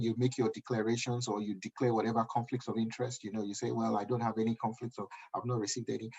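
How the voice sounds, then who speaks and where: A man's voice: medium pitch, darkish tone, breathy edge. A man in his thirties with a Nigerian accent, giving an emphatic motivational talk and often checking that the audience understands. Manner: emphatic, keeps asking "do you understand?". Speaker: guest speaker. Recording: dull lo-fi recording.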